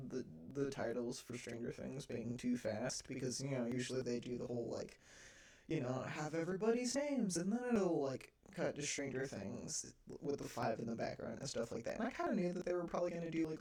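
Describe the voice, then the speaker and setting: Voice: medium pitch, darkish tone. Rambling casual TV reviewer. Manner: rambling, with lots of fillers and casual swearing. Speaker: TV episode reviewer. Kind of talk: casual chat.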